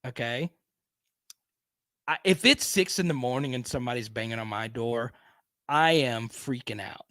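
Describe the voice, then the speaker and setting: A man's voice: mid-range voice, normal speed, fairly bright tone, no echo. A man hosting a casual live stream, chatting and reading viewer comments aloud.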